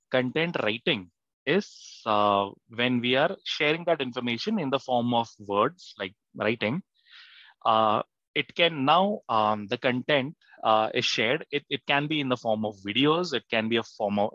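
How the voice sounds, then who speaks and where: A man leads an online writing class, speaking haltingly with many fillers and restarts. His voice is mid-pitched, and the recording is dry and a little dull. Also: animated, sharp tone, no room sound. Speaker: content writing instructor. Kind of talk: live online class lecture. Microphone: online class mic.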